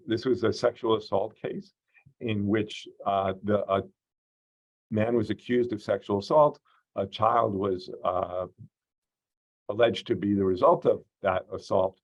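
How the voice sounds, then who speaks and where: A man teaching an online course, explaining slowly and carefully with many "uh" and "um" fillers. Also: fairly low pitch, lo-fi sound. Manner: measured, explanatory, frequent "uh" and "um" fillers. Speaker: course instructor. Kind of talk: online lecture.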